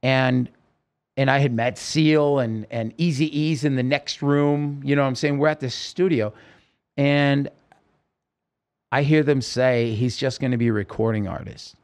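A man of middle pitch recounting his early years as a guest on a podcast interview. He is an animated storyteller who acts out the lines of the people in his story. He speaks into a podcast microphone. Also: a little slow.

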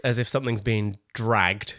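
A man's voice: fairly low pitch, steady tone, moderate pace, fairly bright tone, no echo, clean studio sound. A man running a tabletop game as game master, playful and laughing as he calls out rolls and damage.

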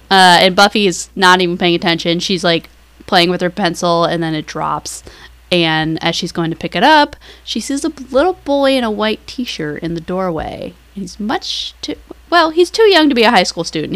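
A woman's voice: on the low side, fairly bright tone. A young woman co-hosting a podcast, recapping an episode in casual chat, rambling and giggly with some casual swearing. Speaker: podcast co-host.

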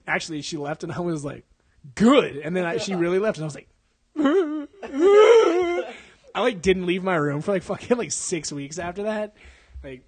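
A man's voice: fairly high pitch, fast talker. A young man co-hosting a podcast, telling crude stories with laughs and acted-out quotes in casual banter. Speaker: podcast co-host.

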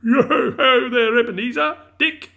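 A man voicing a jovial, fat old male merchant who shouts with hearty merriment. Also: a little slow, vocal fry, full character voice. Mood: jovial, booming. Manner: booming, merry, hearty shouts.

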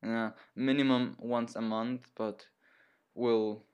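A young man co-hosting a casual podcast, hesitant and halting as he talks. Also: medium pitch, flat delivery, clear, resonant tone. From Germany and Chile. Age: young adult. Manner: halting, hesitant, restarts a lot. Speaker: podcast co-host.

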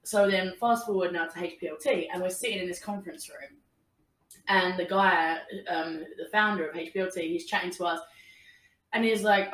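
A young woman telling a story in casual chat, animated, acting out what people said and laughing often. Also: fairly low pitch, moderate pace, distant mic. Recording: roomy, a little off-mic.

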